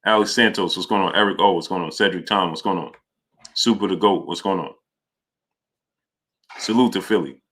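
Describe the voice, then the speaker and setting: Bright-voiced New livestream host. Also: male voice, deep voice, a little fast, long pauses. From New York. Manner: greets viewers by name, reads super chats aloud. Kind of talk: casual livestream chat.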